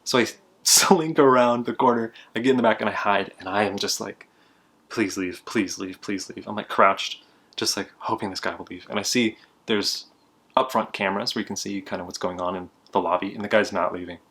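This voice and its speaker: A young man with a lowish, steady, slightly bright voice talks briskly while hosting a board game channel. Chatty and self-deprecating, he explains a card game casually and laughs as he tells it.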